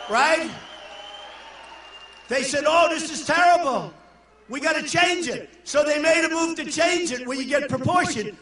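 An older man from New York giving a boastful, rambling rally speech to a crowd and shouting some lines. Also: extremely high pitch. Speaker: political candidate at a rally. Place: large indoor arena. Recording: echoey hall from far off.

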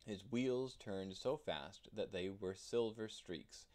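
A man narrating a children's storybook in an expressive storytelling manner. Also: fairly low pitch, slow pace. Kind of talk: children's storybook read-aloud.

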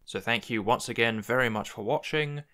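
A man's voice: mid-range voice, normal speed, sharp tone. A man hosting a language-building tutorial, thinking aloud as he works through word forms. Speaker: conlang video host. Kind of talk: screen-recorded tutorial narration.

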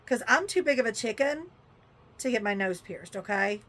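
A chatty woman talks straight to her viewers while she unpacks a shopping haul. Her voice sits a little high, and she stays excitable and casual throughout. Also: normal speed. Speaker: vlogger showing a shopping haul.

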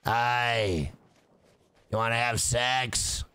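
A man voicing a bored, impatient woman phone operator who chain-smokes, with a gravelly smoker's rasp. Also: medium pitch, steady tone, drawn-out words, pushed and bright, no room sound, pitched below the performer's own voice. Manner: gruff, impatient and unenthused.

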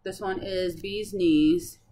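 A woman's voice: lowish voice, fairly even intonation, takes it slowly, warm tone. Chatty woman hosting a stitching chat. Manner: chatty, bubbly, many fillers. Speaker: Flosstube host. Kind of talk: casual cross-stitch chat.

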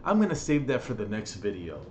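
A young man ranting angrily on his vlog, profane and agitated, with sudden loud outbursts. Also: fairly low pitch, sing-song, brisk, slight background noise. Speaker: vlogger.

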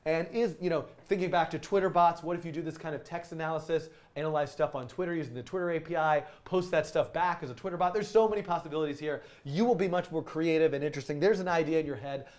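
A man's voice: a little high, fast, hardly any pauses, a little mellow. Upbeat man giving a coding lesson. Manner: enthusiastic, rambling with fillers and restarts. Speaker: coding instructor. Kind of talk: casual video lesson.

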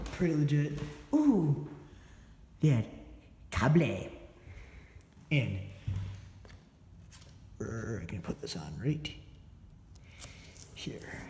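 A man with a warm, medium-pitched voice narrates an abandoned-house walkthrough for his urban exploration vlog, filmed on a phone he holds. He's a bit breathless, rambling, and keeps correcting himself, while the echoey room carries a little hiss or hum.

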